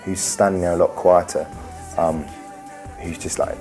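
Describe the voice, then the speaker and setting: During an interview with faint music behind it, a young man in a pop band speaks at normal speed in a deep, slightly mellow voice with flat delivery. He comes across as earnest and rambling, with many restarts.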